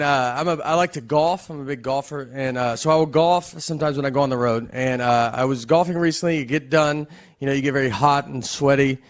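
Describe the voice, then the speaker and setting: Deadpan man doing stand-up. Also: a little high. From American South. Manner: slow deadpan drawl with wry pauses. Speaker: stand-up comedian. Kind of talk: stand-up comedy set. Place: live comedy venue with audience laughter.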